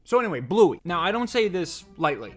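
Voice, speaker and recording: Man, 30s, dad, comedic vlog commentary, sarcastic, bouncy pitch, slightly high voice. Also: sing-song, a little fast, faint music behind. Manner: sarcastic, jokey, mock-dramatic. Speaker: dad commentating on a kids' show.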